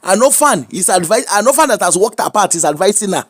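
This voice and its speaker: A man's voice: high voice, big pitch swings, fast, a bit bright. A man with a Yoruba-inflected Nigerian accent, giving preachy, emphatic advice in casual commentary and mixing in Pidgin. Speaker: social media commentator.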